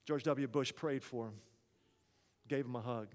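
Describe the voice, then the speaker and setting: A man's voice: medium pitch, steady tone, measured pace, big-room sound. A man preaching a sermon, telling a story in an earnest, conversational way.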